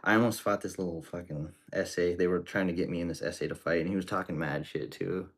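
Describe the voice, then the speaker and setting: A man's voice: low voice, steady tone, fast talker. A man streaming as he cooks, telling rambling stories in casual, profane slang. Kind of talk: casual storytelling while cooking.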